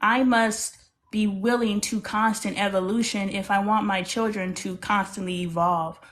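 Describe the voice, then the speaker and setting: A woman's voice: mid-range voice, fairly even intonation, moderate pace, a bit bright. A middle-aged woman in a casual book club conversation, speaking in an earnest, emphatic way.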